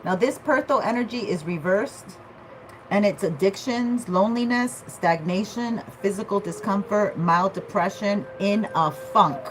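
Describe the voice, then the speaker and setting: A woman's voice: medium pitch, unhurried, slight background noise, rough recording. A woman giving a casual tarot reading, chatty and loose, often checking in with "okay?". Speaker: tarot reader.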